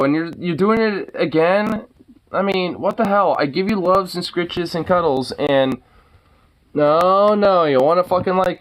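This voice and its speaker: Man scolding his dog, drawn-out words. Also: high voice, a bit bright, poor audio. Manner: teasing, exasperated, swears a lot. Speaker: dog owner. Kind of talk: casual talk to a pet.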